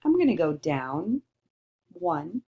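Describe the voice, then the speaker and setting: A woman teaching a recorded lesson to young children. She speaks slowly and carefully, sounding out each letter. Her pitch swoops up and down in an animated, sing-song way. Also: slightly rough.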